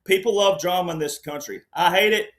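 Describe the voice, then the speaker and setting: A man's voice: high voice, brisk. A man speaking as a panel guest in conversational political commentary, rambling and insistent, often checking in with "all right".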